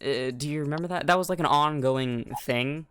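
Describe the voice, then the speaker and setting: A young man talks loosely on a podcast, full of restarts and slang, and gets animated when something strikes him as absurd. His voice cracks now and then. The sound is close and dry, with no room around it. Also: on the high side, normal speed, smooth, no room sound. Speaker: podcast co-host. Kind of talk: casual chat.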